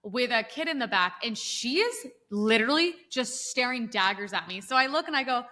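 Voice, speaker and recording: A young woman tells a story to her co-host with animated energy, slipping into the voices of the people she quotes. Her voice is bright and forward, sitting slightly high. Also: moderate pace. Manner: animated anecdote-telling, acts out quoted people. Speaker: podcast co-host. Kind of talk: casual storytelling chat.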